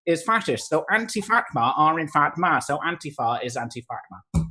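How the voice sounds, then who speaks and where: A woman's voice: deep voice, very animated, normal speed, sharp tone, slightly rough, soft background music. A woman on a comedy panel, arguing in a rambling, mock-logical way full of fillers. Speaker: comedy game show panelist. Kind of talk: improvised comedy banter.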